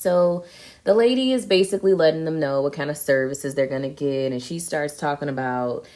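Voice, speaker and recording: Sassy low-voiced woman recapping TV. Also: a little fast, a little mellow. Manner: sassy, slangy and chatty. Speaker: TV recap vlogger. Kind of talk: casual chat recapping a reality show.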